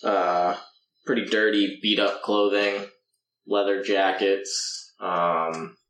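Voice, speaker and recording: A man narrating as game master of a tabletop game, laid-back and halting with fillers. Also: sits low, flat delivery, a bit bright. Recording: echoey room, far from mic.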